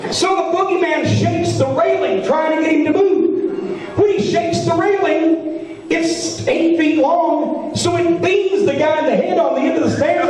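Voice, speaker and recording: A man animatedly telling a comic story live on stage, shouting and laughing between lines. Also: very high-pitched. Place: large live venue. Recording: echoey hall from far off, with crowd. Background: audience laughing.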